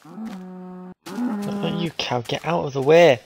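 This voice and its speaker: A man's voice: mid-range voice, normal speed, slight background noise, poor audio. A man giving casual commentary while playing a game, talking to his viewers and breaking into frustrated outbursts at the enemies. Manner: talks to the viewers. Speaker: gaming video host.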